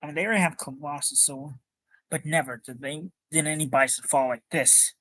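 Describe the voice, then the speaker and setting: Guy reading a comic out loud, bright kinda high voice, trips over words. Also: steady tone, brisk, slight background noise. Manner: stumbles over words, chats asides. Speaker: comic book reader. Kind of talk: casual comic read-aloud with commentary.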